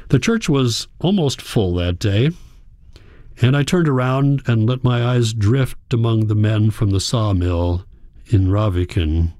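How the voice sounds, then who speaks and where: A man reading a novel aloud in a measured, reflective storytelling manner. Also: fairly low pitch, dark tone, no room sound, studio quality. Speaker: audiobook narrator. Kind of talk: scripted narration.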